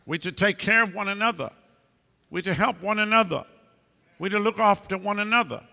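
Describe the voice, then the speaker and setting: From the pulpit, a pastor preaches in a high, gravelly voice with a sharp, forceful edge, speaking fairly quickly. He's blunt and emphatic, scolding his listeners in sudden bursts, and his words echo with long reverb through a big church hall.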